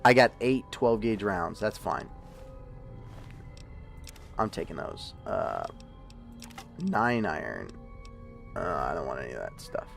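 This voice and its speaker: Chatty male streamer, jokey offhand talk over soft game music. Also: deep voice, big pitch swings, slow pace, vocal fry, pauses often. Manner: joking, rambling, chatty with viewers. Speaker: livestreaming gamer. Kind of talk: casual gameplay commentary.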